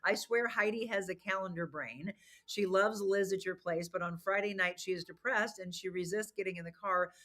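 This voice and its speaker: Brief: middle-aged woman host, chatty, bright forceful voice, reads comments aloud. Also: medium pitch, moderate pace. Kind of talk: casual chat.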